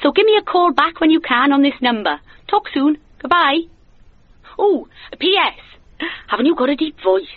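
A woman's voice: high voice, expressive, normal speed, no room sound. An actress in her thirties playing an eager, chatty woman leaving a phone message. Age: 30s. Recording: phone-like, dry.

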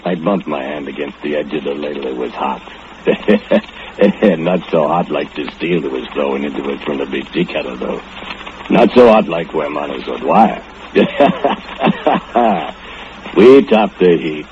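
A creepy, chuckling foundry killer. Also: male voice, unhurried, background noise. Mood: gloating. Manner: broken English, low brooding murmur, creepy chuckles. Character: brooding drunken foundry laborer who killed his rival. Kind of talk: 1940s radio acting. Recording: dull old radio recording with loud music.

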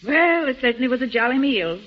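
A dry, teasing woman friend in a 1940s radio drama. Her voice is very high and swings widely. The recording is dull and dated, with faint hiss. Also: animated, a little fast. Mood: wry. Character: brisk, wry female friend leaving for a train.

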